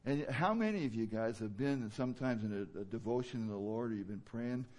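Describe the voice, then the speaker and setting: A man preaching a sermon in a conversational way, with many fillers, who now and then rises into loud, emphatic bursts. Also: medium pitch, animated, a little fast. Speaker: pastor.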